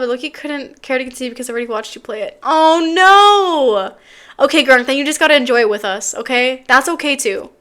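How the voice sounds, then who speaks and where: A woman's voice: high voice, a bit bright. A young woman streamer chatting casually with her viewers. She is giggly and talkative, and she reads chat messages aloud.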